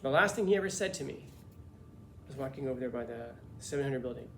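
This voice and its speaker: A male teacher telling a story to his class in a casual, lively, joking way. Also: mid-range voice, fast talker. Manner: casual, lively, swears and jokes. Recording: echoey classroom, faint noise.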